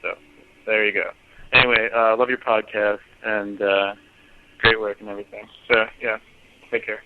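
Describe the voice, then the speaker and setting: A man's voice: on the low side, level tone, moderate pace, a little hiss or hum. A man leaving a casual, profane voicemail rant, full of fillers and restarts, heard over a phone line. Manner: profane, hesitant with many fillers. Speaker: voicemail caller. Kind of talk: casual ranting phone message.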